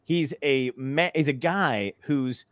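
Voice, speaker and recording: Man, podcast host, casual comedy chat, excitable, swears a lot, dry close sound. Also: mid-range voice, takes it slowly, no echo. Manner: excitable, laughs a lot, frequent swearing and restarts.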